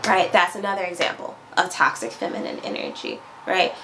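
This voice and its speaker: A woman's voice: fairly even intonation, a little fast, hardly any pauses, background noise. A woman coach speaking directly to viewers, who repeats her phrases and asks "right?" as she explains. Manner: acts out quoted voices with raised pitch. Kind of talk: instructional talk to viewers.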